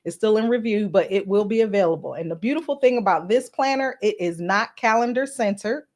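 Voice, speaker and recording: A woman's voice: medium pitch, a little fast, darkish tone. A woman podcast host chatting casually on a live stream, greeting commenters by name and speaking earnestly with some filler words.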